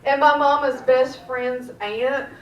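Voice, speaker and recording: A woman with a Southern US accent doing a stand-up set, telling dark jokes in a deadpan drawl in the back room of a restaurant. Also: high-pitched, takes it slowly. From Georgia, US. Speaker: stand-up comedian. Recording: echoey room, mic heard from far off.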